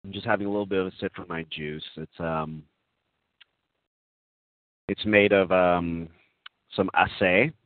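A man with a lowish voice plays a gentle, overly earnest character for an online chat. His talk is soft and full of giggles and ums. It comes through a tinny, phone-like line with a dry sound. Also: fairly even intonation, measured pace, pauses often, no echo. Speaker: comic prankster addressing an online group chat. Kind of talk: comedic earnest role-play.

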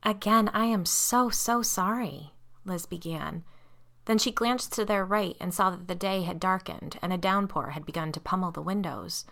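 A woman reading a horror story aloud, keeping her narration measured and dropping her voice low and quiet on the tags between lines. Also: vocal fry.

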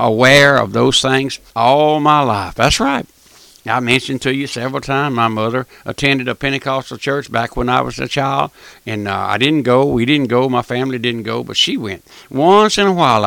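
An older man preaching a folksy broadcast sermon, repeating his points and calling the listener "my friend", with emphatic, drawn-out stressed phrases. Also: mid-range voice, creaky, sharp tone, no room sound. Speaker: radio preacher.

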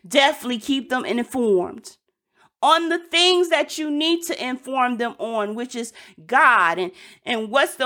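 A woman with a high, bright voice delivers a sermon. She talks in an earnest, exhorting way and circles back to repeat her points. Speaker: preacher.

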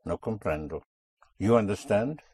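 A man's voice: lowish voice, expressive, normal speed, darkish tone, breathy edge, dry recording. A man teaching a language class, patiently drilling words and correcting pronunciation.

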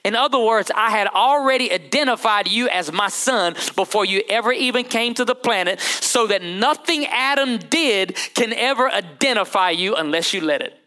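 Bright, animated preacher man. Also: high-pitched, moderate pace, few pauses. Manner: animated, conversational, calls to the crowd. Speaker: pastor. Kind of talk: sermon.

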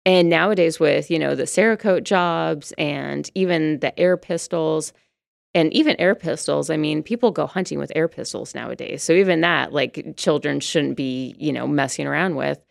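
Low gravelly woman, chatty and relaxed. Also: normal speed, no room sound, clean studio sound. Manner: chatty, many fillers and restarts. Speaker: firearms instructor and brand ambassador. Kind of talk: casual interview answers.

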